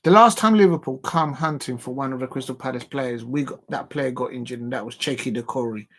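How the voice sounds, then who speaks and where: A man's voice: medium pitch, brisk, a bit bright. A man hosting a football watch-along, chatting casually and giving opinionated predictions straight to his viewers.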